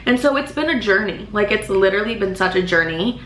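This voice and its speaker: A young woman telling a story on her vlog in a casual, animated way, swearing often and filling her talk with "like". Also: mid-range voice, brisk. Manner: animated, swears a lot, many "like" fillers. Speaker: vlogger. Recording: roomy echo, faint background noise.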